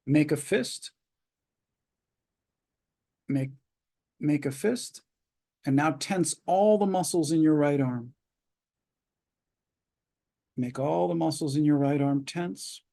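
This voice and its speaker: A man's creaky voice, on the high side, comes through a video call as he leads a webinar as a psychologist. Calmly and slowly, he takes listeners step by step through progressive muscle relaxation, pausing for long stretches.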